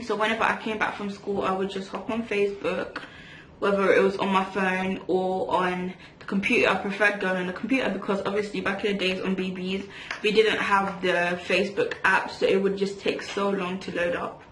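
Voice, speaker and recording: A young woman chats through a makeup storytime, rambling and restarting her sentences as she goes. Her voice sits at a middle pitch and rings in an echoey room, with a faint hiss underneath. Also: level tone, moderate pace, a bit bright. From England. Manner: chatty, rambling, lots of fillers and restarts. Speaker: vlogger. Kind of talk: storytime chat while doing makeup.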